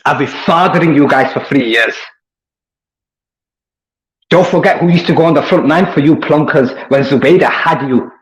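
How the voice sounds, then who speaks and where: A man's voice: a little high, moderate pace, long pauses. A man, delivering a combative, taunting monologue aimed at an online rival. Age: 20s. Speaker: online commentator. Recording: roomy echo.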